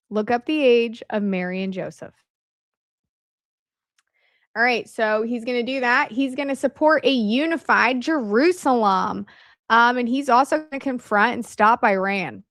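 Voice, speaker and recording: A woman with a fairly high voice talking casually and sarcastically, adding dry asides as she reads source material aloud. The sound is close and dry, with no room around it. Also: no room sound. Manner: sarcastic asides, laughs while reading aloud. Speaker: political commentary podcaster. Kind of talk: casual commentary reading from websites.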